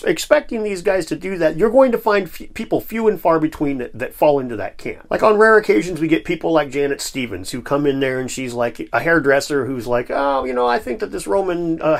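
A man hosts a commentary vlog in a casual, conversational manner with a self-deprecating edge. His voice sits a little high. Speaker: YouTube host.

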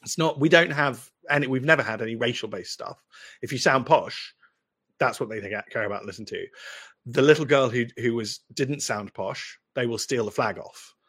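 A man's voice: medium pitch, moderate pace, fairly bright tone, slightly rough. A man in his forties with a posh English accent, a lawyer answering viewer questions in casual, rambling livestream commentary full of restarts and asides. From United Kingdom.

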